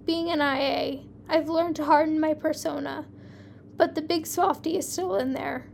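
A woman reading the lines of a steady, gentle male police investigator in a soft, reassuring way. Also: sits high, normal speed, vocal fry, a little hiss or hum.

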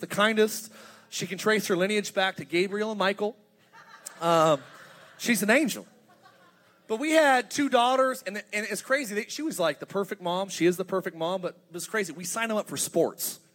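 A man in his thirties preaching a sermon as pastor, energetic and humorous, building to emphatic points. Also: high voice, normal speed. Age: 30s.

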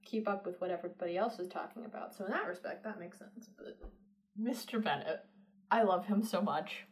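A woman's voice: medium pitch, a little fast. Chatty woman reviewing a film. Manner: chatty, laughs often, trails off mid-sentence. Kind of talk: casual chat.

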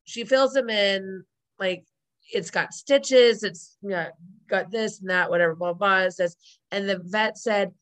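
Woman chatting loosely, lots of like and you know, middle pitch, recapping a show. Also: measured pace, dry recording. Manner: rambling, lots of "like" and "you know", acts out quotes. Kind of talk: casual chat recapping a sitcom episode.

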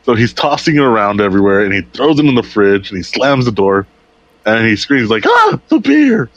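Male podcaster, deep voice, meandering storyteller who acts out quoted lines; muffled lo-fi audio. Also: fairly quick, no echo. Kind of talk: casual chat, retelling a TV episode. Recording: dull lo-fi recording.

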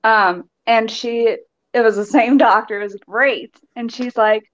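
A woman's voice: fairly high pitch, unhurried. Laughing woman telling her story. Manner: animated storyteller, laughs often. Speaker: nurse and guest. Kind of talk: casual interview chat. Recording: dull, dry recording.

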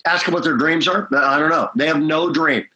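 A middle-aged pastor preaches at a conference in a fairly high, slightly fast, pushed and bright voice, telling energetic stories and frequently checking in with asides, captured in lo-fi sound.

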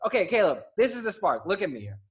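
A man's voice: high voice, big pitch swings, quick pace. A man hosting a casual sports podcast, easygoing and joking. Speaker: podcast host.

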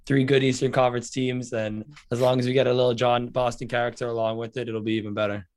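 A man's voice: mid-range voice, little pitch movement, fast talker, no echo. Laid-back man co-hosting a podcast. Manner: laid-back, supportive, fills in with short agreements. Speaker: podcast co-host. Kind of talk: casual sports podcast chat.

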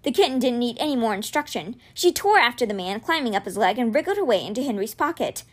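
A woman reading a children's fantasy novel aloud, narrating expressively. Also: quick pace. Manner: expressive, voices dialogue with raised pitch. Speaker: reader.

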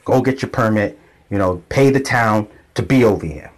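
A man's voice: fairly low pitch, moderate pace. A man talking casually to camera, telling a rambling story about his town. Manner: rambling, repetitive, conversational.

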